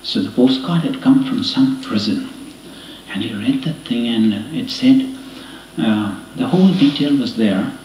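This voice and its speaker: A man's voice: mid-range voice, expressive, unhurried, a little mellow, a little hiss or hum. A man telling anecdotes in a conversational way during a talk to an audience, acting out the dialogue he quotes. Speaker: speaker giving a talk. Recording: roomy and distant with faint ambience.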